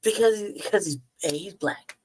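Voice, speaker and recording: Over background noise, a man with a high-pitched voice speaks at normal speed. He hosts a podcast, telling stories in a casual monologue that's blunt and profane, with frequent laughs between phrases.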